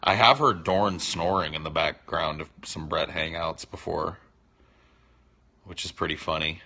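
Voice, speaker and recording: Male stream host, deep and gravelly; loose, teasing, profane chatter. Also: steady tone, unhurried, sharp tone. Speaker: livestream host answering chat. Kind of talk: casual unscripted chat.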